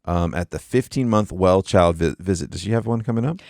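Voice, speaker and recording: Deep-voiced dad reading parenting notes. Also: male voice, a little fast, gravelly, no echo, studio quality. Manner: relaxed, reads passages then comments. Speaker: podcast co-host. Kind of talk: casual chat, reading aloud from notes.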